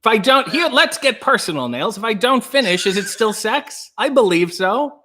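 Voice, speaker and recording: A man's voice: sits high, very animated, moderate pace, bright, forceful tone. A man hosting a casual livestream, rambling and joking while he reads out chat comments. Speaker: livestream host.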